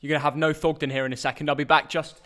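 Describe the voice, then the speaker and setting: A young English man, chatty and excitable, hosting a live football reaction stream and bantering with viewers at home. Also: a little high, rapid-fire. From England.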